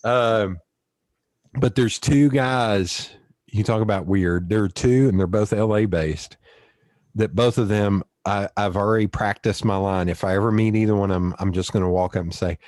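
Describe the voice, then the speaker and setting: A male podcast host telling stories in a casual chat, animated, laughing often and swearing freely. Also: on the low side, moderate pace, dry recording, studio quality.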